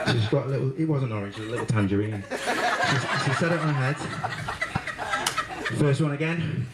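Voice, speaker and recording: A man's voice: mid-range voice, moderate pace, long pauses. A man giving a wedding speech as the bride's brother, telling a story with frequent laughter, fillers and restarts. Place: wedding reception. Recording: echoey room, loud background noise.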